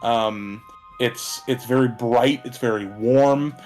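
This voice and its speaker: A man narrating a tabletop game as its game master. He talks in a relaxed way, with many fillers. Faint music plays behind him. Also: mid-range voice, slow.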